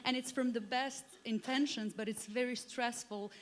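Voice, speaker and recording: A woman on a conference panel explaining her cultural onboarding program in a measured, explanatory way. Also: a little high, steady tone. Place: conference hall. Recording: long hall reverb.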